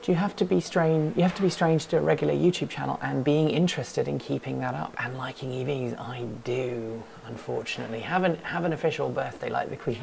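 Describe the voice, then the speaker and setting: A woman with a very low, heavily gravelly voice hosts a relaxed livestream from an office. She rambles, thinks out loud and picks up chat questions one after another, over a faint hiss. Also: a little fast, few pauses. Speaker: host of a livestream hangout. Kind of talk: casual live-stream chat.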